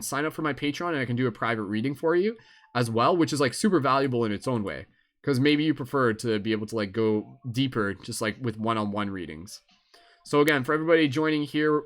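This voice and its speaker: A man's voice: medium pitch, a bit bright. A young man with a Canadian accent hosting a live stream, chatting casually and rambling with lots of fillers. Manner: laid-back, rambling, with many fillers.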